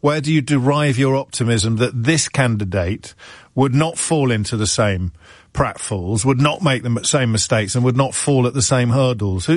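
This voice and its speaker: A man's voice: medium pitch, no room sound. English guy hosting a radio phone-in, wry and rambling, dry studio mic. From England. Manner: wry, discursive, repeats words when restarting. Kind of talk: talk radio monologue. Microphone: studio microphone.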